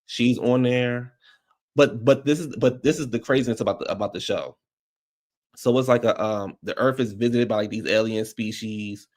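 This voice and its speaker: A man's voice: medium pitch, moderate pace, a little mellow. A man hosting a livestream, chatting casually and rambling loosely with lots of fillers. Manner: rambling and loose, full of "like" and restarts. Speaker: livestream host. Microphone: streaming microphone.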